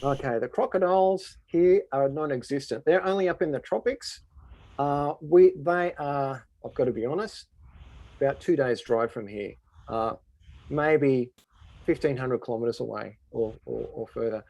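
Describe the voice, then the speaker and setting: A man's voice: mid-range voice, normal speed, darkish tone, no echo. An Australian man, a tour guide, answering questions in an easygoing, explanatory way. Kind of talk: casual Q&A answers.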